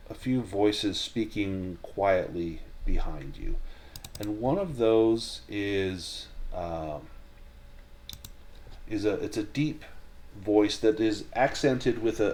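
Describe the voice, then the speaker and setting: A man narrating a tabletop horror game as game master, measured and descriptive, with frequent restarts. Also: fairly low pitch, darkish tone, slight background noise.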